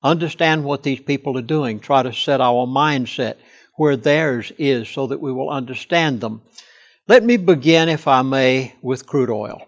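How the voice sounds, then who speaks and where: An older pastor and chaplain speaks earnestly and emphatically in a studio interview, leaning hard on key words. His medium-pitched voice moves at an unhurried pace.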